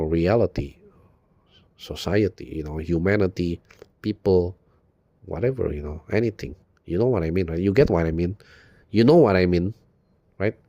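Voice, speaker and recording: Speaking directly to his audience, this male video blogger delivers a loose, rambling monologue in a low, mellow voice, circling back to his own words and filling gaps with "you know" over and over. Bitter profanity runs through it all, and the sound is dry and close with no room sound.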